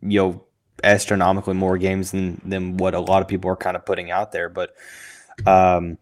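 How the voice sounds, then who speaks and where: A man hosting a sports podcast, thinking out loud with lots of fillers and restarts, who has the hiccups. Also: deep voice, monotone, moderate pace. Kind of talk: casual sports analysis podcast.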